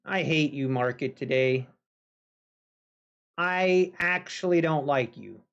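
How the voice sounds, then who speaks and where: A man's voice: a little high, creaky, a bit bright, lo-fi sound. A man live-streaming futures trading, chatting casually with viewers and talking to the market. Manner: talks to the market and chat, drawn-out pauses.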